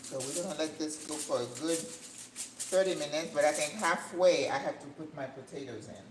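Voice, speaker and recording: An older woman hosting a cooking channel, chatting casually as she cooks in her home kitchen, rambling and breaking into excited high notes. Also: moderate pace. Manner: chatty, rambling, with sudden excited jumps in pitch. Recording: echoey room with faint background hum.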